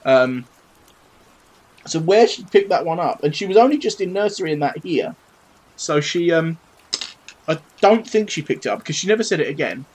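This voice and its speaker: A British man in his thirties with a fairly high, expressive, slightly mellow voice chats cheekily and swears playfully while painting models on a live stream at his home desk. He speaks at a moderate pace and pauses often. The recording is low quality, with slight background noise.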